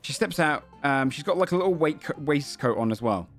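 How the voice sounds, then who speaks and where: A man's voice: a little high, expressive, fairly quick, faint music behind. A man narrating as game master of a tabletop game, describing scenes in a loose, hesitant way full of fillers.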